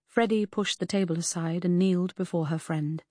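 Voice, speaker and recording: Low, husky woman narrating. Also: fairly even intonation, brisk, mellow, dry recording, studio quality. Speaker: audiobook narrator. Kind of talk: first-person scripted narration.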